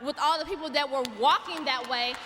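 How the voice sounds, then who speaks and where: A woman speaking forcefully at a panel, rallying with repeated phrases. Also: high voice, fairly quick. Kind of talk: impassioned public remarks. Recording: echoey hall with faint noise.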